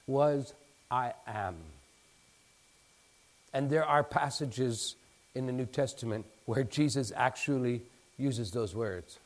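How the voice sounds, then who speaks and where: A man preaching a sermon in an animated way, acting out bits of dialogue and building to emphatic peaks. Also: medium pitch, slow pace. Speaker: pastor.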